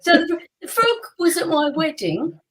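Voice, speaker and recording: With an extremely high-pitched voice at normal speed, a woman podcast co-host tells a personal story casually, acting out quotes and laughing often with lively energy. The recording is low quality.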